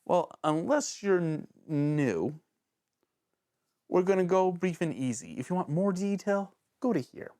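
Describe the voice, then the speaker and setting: A man hosting a casual video review show, talking in an animated, jokey way that rambles and interrupts itself, with sudden jumps in pitch. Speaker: host of a villain-ranking show.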